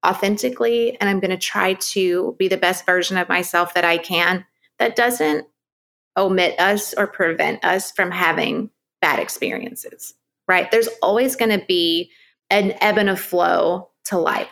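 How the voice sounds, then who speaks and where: Middle-aged female guest, candid and emphatic, bright tone with vocal fry. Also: mid-range voice. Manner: open, emphatic, laughs often. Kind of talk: candid podcast conversation.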